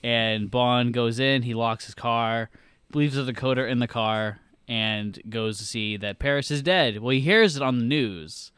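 A man's voice: medium pitch, a little slow, a bit bright, clean tone, no echo, studio quality. A man co-hosting a podcast, casually and animatedly retelling movie scenes and acting them out. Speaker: podcast co-host, film superfan. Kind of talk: casual film chat.

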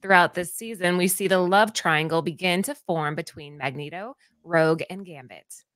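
A woman's voice: on the low side, moderate pace, fairly bright tone, no room sound, studio quality. A woman co-hosting a comic-book podcast, reading a prepared segment from notes and tripping over names. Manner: reads steadily from notes, stumbles on names. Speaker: podcast co-host.

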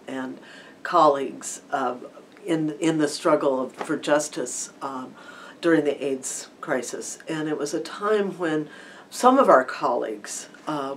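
Middle-aged woman minister, low-pitched, unhurried reflective storytelling, distant mic. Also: a little hiss or hum. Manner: thoughtful, unhurried storytelling with pauses and fillers.

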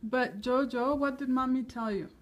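A woman's voice: high-pitched, steady tone, normal speed. A young woman, a mother, talking casually to camera at home and soothing her toddler. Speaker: mother vlogging her kids. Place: home, indoors. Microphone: handheld camera.

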